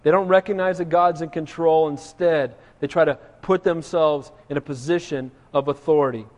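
A man with a high voice preaches a sermon, reading scripture aloud and then explaining it. He speaks earnestly and addresses the congregation directly. His voice carries a long reverb, as if he were in a large hall. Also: fairly even intonation, normal speed, darkish tone. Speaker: pastor.

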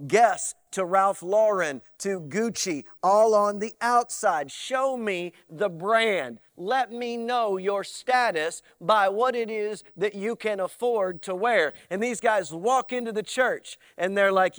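A man preaching a sermon, animated and swinging from loud to soft, with playful mock voices. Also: sits high, takes it slowly, hardly any pauses, dry recording, studio quality. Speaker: pastor.

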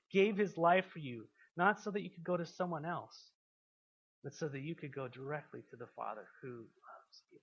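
A man preaching a sermon to a congregation. He asks them questions and swings from quiet, intimate passages to loud, emphatic ones. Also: on the high side, husky, lo-fi sound. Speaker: pastor.

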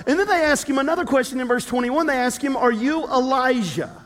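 A man preaching a sermon as a pastor, telling a story in a lively way with humorous asides. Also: very high-pitched, fairly quick. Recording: long reverb of a large hall.

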